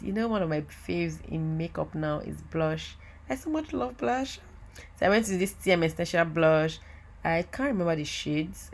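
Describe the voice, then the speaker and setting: A woman giving a chatty, excitable voiceover for a makeup tutorial, talking straight to her viewers. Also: low-pitched. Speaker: makeup artist. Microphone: voiceover mic.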